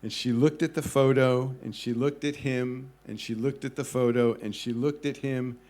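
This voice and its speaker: Animated man telling a travel story. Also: mid-range voice, normal speed. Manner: animated storyteller acting out quoted voices. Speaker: travel writer giving a talk. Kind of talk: storytelling talk to a live audience. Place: club event hall.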